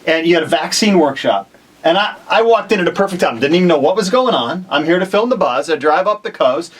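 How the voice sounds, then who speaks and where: A man in his forties hosting a casual chat, excitable and slangy, laughing often. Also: a little high, fairly quick, husky. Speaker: show host.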